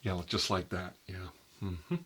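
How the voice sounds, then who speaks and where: A man as a nervous doctor talks low and soft in an ASMR role-play. He rambles through his instructions, leaning on "like" and "you know." A faint hiss sits under the recording. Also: level tone, unhurried. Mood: uneasy. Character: nervous rambling male doctor examining a vampire. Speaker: doctor examining a patient.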